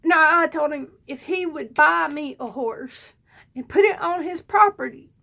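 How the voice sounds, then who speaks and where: A woman's voice: high-pitched, lively intonation, measured pace, creaky, fairly bright tone. A woman telling a rambling story to her vlog audience, with frequent fillers and laughs. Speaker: vlogger. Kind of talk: casual storytelling.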